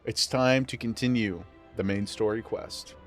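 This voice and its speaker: A man's voice: on the low side, steady tone, unhurried, soft background music. A man streaming a game, chatting casually to chat in a playful, self-mocking way. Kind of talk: casual gameplay commentary.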